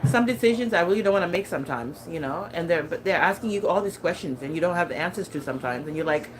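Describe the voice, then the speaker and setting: A woman's voice: lowish voice, expressive, quick pace, slight background noise, low-quality recording. A woman in her thirties chatting casually as a lifestyle vlogger, laughing often and talking with many fillers and restarts. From California. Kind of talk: casual chat.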